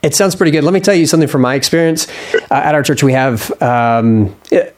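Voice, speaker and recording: A man's voice: a little high, a little fast. A man who hosts a podcast and serves as a church pastor, speaking in a casual interview style with short, affirming replies.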